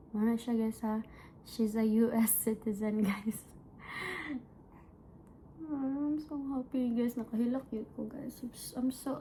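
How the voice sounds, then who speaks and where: A young woman with a Cebuano Filipino accent speaks in an unhurried, drawn-out way and keeps turning to her viewers as "guys". Her voice sits fairly high, and she talks heartfelt and chatty while mixing languages. A faint hum of room ambience sits behind her. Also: warm tone, poor audio. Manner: heartfelt, code-switching, addresses viewers as "guys". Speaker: family vlogger. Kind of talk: casual vlog chat.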